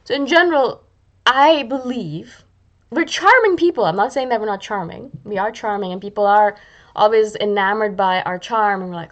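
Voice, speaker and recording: A woman's voice: mid-range voice, moderate pace, lo-fi sound. A woman hosting her own video channel, talking casually and self-mockingly to the camera and acting out little quoted asides. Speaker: YouTube channel host.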